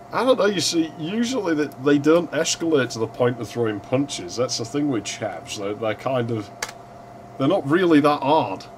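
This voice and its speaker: A man casually commenting while streaming a retro game, swearing freely and yelling at the screen now and then. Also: medium pitch, very animated, a little slow, slight background noise.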